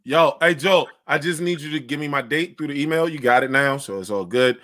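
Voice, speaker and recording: A man co-hosting a casual podcast, reacting excitedly with quick laughs. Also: a little high. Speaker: podcast co-host.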